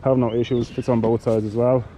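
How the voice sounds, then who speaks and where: A man giving a casual product demonstration of cycling gear, talking in a halting way with many fillers and restarts. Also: mid-range voice, flat delivery, background noise.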